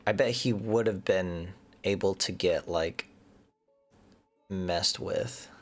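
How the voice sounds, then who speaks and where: A man's voice: sits low, slow pace, faint music behind. A man giving casual commentary as he plays a game, chatting and thinking aloud, sometimes muttering nervously under his breath. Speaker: gaming streamer.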